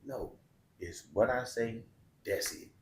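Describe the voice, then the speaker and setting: A man's voice: lowish voice, animated, measured pace, a little mellow, a little hiss or hum. A middle-aged man, a podcast guest, telling a heartfelt personal story in a candid, colloquial, emotional way. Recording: roomy echo.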